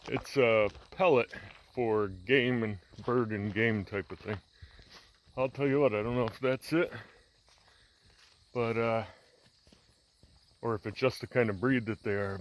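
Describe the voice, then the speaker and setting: A man's voice: lowish voice, measured pace, long pauses, slight background noise. A man chatting casually about farm chores as he walks outdoors, filming on a handheld camera, with plenty of fillers and restarts. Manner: relaxed, rambling, many fillers and restarts. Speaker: farmer vlogger. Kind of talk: casual walk-and-talk narration.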